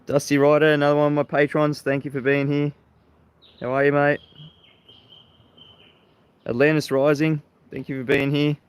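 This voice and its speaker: An Australian man hosts a livestream, welcoming viewers in a monologue and ridiculing his critics while laughing often. His voice is slightly high and clean in tone, level in delivery, at a moderate pace broken by long pauses.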